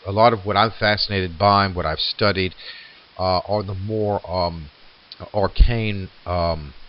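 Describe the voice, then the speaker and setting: Low-voiced man lecturing on poetry. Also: steady tone. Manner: reflective, slows to read verse aloud, many fillers. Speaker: literature lecturer. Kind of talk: recorded lecture. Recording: muffled lo-fi lecture recording.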